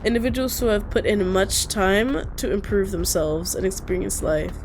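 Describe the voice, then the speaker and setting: A woman voicing a smug, patronizing female succubus nun who speaks in a slow drawl. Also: medium pitch, animated, music in the background, lightly acted.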